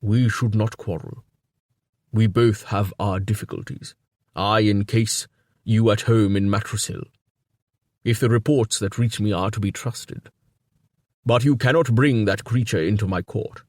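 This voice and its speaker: A man's voice: on the low side, fairly even intonation, darkish tone, dry recording, clean studio sound. A man reading a wheezing, stout old king. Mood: cool, formal. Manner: measured and formal. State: out of breath. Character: corpulent wheezing older male king, cool and evasive. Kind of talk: audiobook character reading.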